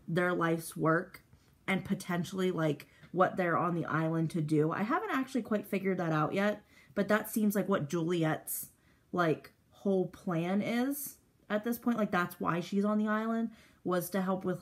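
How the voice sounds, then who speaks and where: A woman's voice: lowish voice, normal speed. Chatty young woman vlogger, rambling. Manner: rambling, filler-heavy, animated when excited. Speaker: beauty vlogger. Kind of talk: casual chat while doing makeup.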